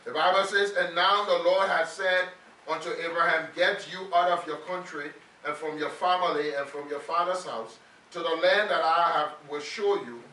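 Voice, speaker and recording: A man with a high, bright, ringing voice preaches a sermon, emphatic and drawing the congregation into call-and-response. He is heard slightly off-mic in a roomy church hall. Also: normal speed, far from the mic. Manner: emphatic, leads congregation in repeating phrases.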